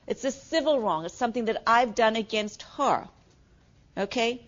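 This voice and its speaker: A woman's voice: fairly high pitch, moderate pace, highs cut off. A middle-aged woman giving a classroom lecture as a nursing instructor, talking conversationally, asking the class questions and saying "okay" often.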